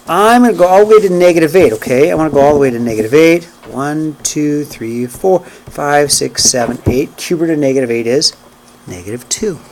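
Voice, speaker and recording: A man's voice: on the high side, brisk, darkish tone, slight background noise. A man teaching math to a class, counting points aloud and often checking in with "okay?" and "right?". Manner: counts steps aloud while graphing. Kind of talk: classroom lecture.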